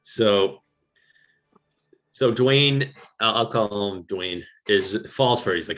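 A man hosting a casual chat, rambling through a movie recap with quick asides. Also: on the low side, fairly bright tone.

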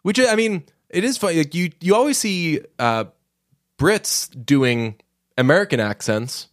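Animated, higher-voiced male podcast co-host. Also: a little slow, dry recording, studio quality. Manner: animated, rambling with restarts and fillers. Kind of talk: casual chat about movies.

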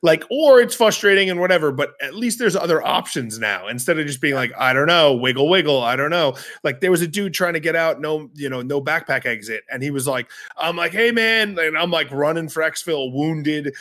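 A man's voice: on the high side, fairly quick, hardly any pauses. A man co-hosting a gaming podcast, telling stories in casual chat and acting out both sides of the dialogue. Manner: animated storyteller, acts out both sides of dialogue. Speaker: podcast co-host.

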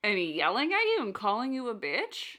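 A woman's voice: medium pitch, wildly swooping pitch, normal speed, bright, forceful tone. A woman in casual chat, mostly reacting with short interjections and blunt comments. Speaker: listener.

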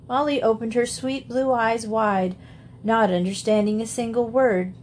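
A woman narrating a classic children's novel in a steady, measured reading voice. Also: fairly high pitch, slight background noise. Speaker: audiobook narrator. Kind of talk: storybook narration.

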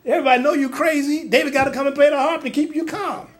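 A man preaching a sermon, animated and humorous, with laughing asides and colloquial speech, acting out the lines he quotes. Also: extremely high pitch, fast talker. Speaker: pastor.

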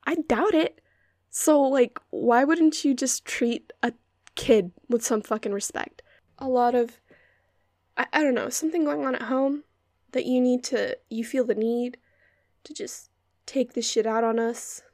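A woman's voice: on the high side, unhurried, a little mellow, no echo, clean studio sound. Profane young woman ranting into a mic. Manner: profane, sarcastic, drifts into whispers. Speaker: podcast host. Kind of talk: casual ranting monologue. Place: hot bedroom at home. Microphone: close-up microphone.

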